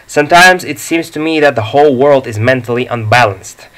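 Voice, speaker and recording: A man narrating a comic story as an audiobook in a measured, deliberate reading. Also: mid-range voice, a bit bright, poor audio.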